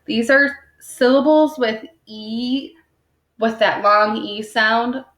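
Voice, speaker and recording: Woman, primary school teacher, unhurried, patient, checks in constantly, recorded in an echoey room. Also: fairly high pitch, a bit bright. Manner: patient, checks in with "okay?" after most points; sounds words out slowly, tapping syllables. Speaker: second grade teacher. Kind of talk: recorded phonics lesson for young children. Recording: roomy echo.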